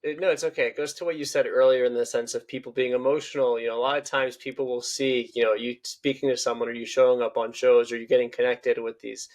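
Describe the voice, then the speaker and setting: A man hosts a podcast and talks fast in a mid-range voice. He speaks casually and encouragingly, leaning often on "you know.". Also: mid-range voice, flat delivery, darkish tone. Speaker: podcast host. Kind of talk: casual interview chat.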